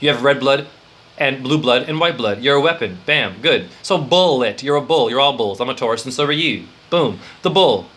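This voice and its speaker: A man giving an improvised esoteric lecture as a spiritual teacher, rambling, excitable and profane. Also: mid-range voice, moderate pace.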